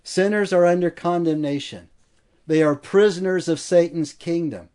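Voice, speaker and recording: A man's voice: on the high side, moderate pace, dark tone, clean tone. A man preaching an expository sermon with emphasis, stacking repeated phrases as he builds each point.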